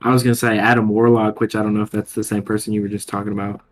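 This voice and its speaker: A man's voice: lowish voice, flat delivery, very fast. A young man in casual podcast chat, speaking hesitantly and politely.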